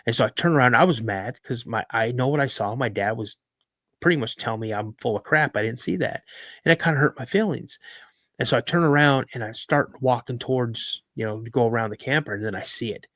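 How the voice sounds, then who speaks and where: A man's voice: medium pitch, brisk, no room sound. Man telling a story in a dry room. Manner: animated storyteller, acts out quoted voices, many fillers. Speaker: podcast host, guest. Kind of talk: casual storytelling.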